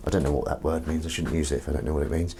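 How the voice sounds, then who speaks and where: A man's voice: very deep voice, steady tone, rapid-fire, creaky, dark tone, husky. A man chatting casually to a live-stream audience from his home kitchen while washing up, rambling and self-mocking.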